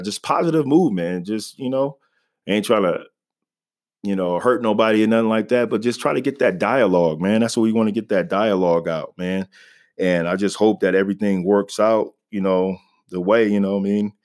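A man with a lowish, slightly mellow voice hosts his own podcast on a home mic, talking fairly quickly in a loose, conversational solo style and often saying "man" and "you know."

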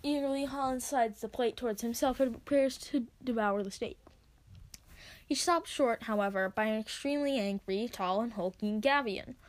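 A woman reading her own story aloud, expressive as she narrates. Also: a little high, moderate pace. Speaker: reader.

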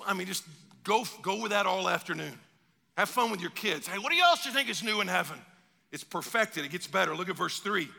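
A pastor delivers an animated sermon, slipping into quick acted-out exchanges. His voice sits high for a man, with a gravelly rasp and a sharp, bright tone. It carries a long hall echo. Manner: animated preaching with acted-out dialogue.

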